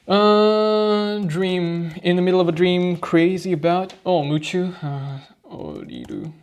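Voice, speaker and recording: A man's voice: high voice, big pitch swings, takes it slowly, clean tone. A man reviewing vocabulary flashcards on his own, thinking aloud and muttering answers to himself. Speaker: language learner reviewing flashcards. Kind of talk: casual study session vlog.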